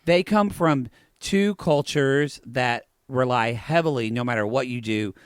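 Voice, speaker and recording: A man's voice: mid-range voice, unhurried, smooth, no echo. A man co-hosting a podcast, chatting casually in a campy, joking way on a close mic. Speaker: podcast co-host. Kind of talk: casual chat.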